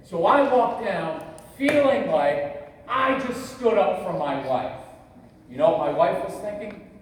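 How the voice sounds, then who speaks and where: A man's voice: high-pitched, lively intonation, a little slow, slight background noise. A man in his fifties giving a live parenting workshop, telling stories and acting out quotes with humor. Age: 50s. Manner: storytelling, acts out quotes, jokes with the crowd. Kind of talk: live workshop talk to an audience. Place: large convention hall. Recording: echoey hall, mic heard from far off.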